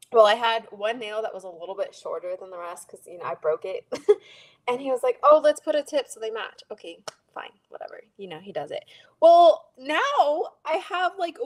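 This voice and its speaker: High-voiced woman telling an animated story. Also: low-quality recording. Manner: animated storytelling, acting out what others said. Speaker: co-host. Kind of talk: casual chat.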